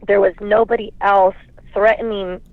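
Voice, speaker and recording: A woman's voice: medium pitch, level tone, moderate pace, dry recording. Caller, woman, rambling and emotional, heard over a thin dry phone line. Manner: rambling, quotes both sides of arguments. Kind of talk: emotional call-in confession.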